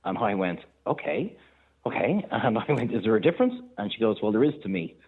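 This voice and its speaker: An Irish man, a chef and restaurant owner, telling stories in a lively way on the radio and acting out the people he quotes. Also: on the low side, quick pace, breathy edge. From Ireland. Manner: animated anecdote-teller, acts out quoted voices. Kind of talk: casual radio storytelling. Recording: thin phone-line sound.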